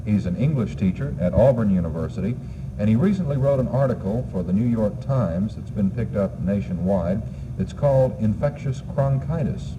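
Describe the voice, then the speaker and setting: A man's voice: on the low side, expressive, normal speed, highs cut off. A man with a Southern accent, hosting a local television interview as the newscaster asking the questions. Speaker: TV news interviewer. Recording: archival TV audio with clear hiss.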